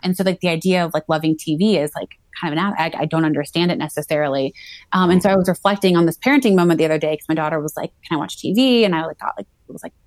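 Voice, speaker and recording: Woman guest in her thirties, chatty, lowish voice, dry close mic. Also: steady tone, rapid-fire, darkish tone, no echo. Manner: chatty, frequent "like" fillers and restarts. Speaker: guest, PhD student in psychology. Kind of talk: casual interview talk.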